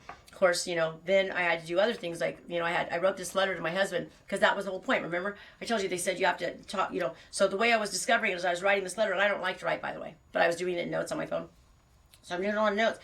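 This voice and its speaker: A woman's voice: fairly low pitch, gravelly, a bit bright. A middle-aged woman hosting a show, talking candidly in a rambling confessional monologue, often restarting mid-sentence. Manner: rambling, self-interrupting and candid. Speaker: podcast host.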